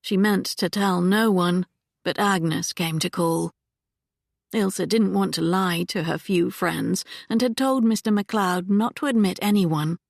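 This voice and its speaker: A woman narrating a historical romance audiobook in a calm, measured manner. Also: fairly low pitch, vocal fry, no room sound, clean studio sound. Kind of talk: scripted narration.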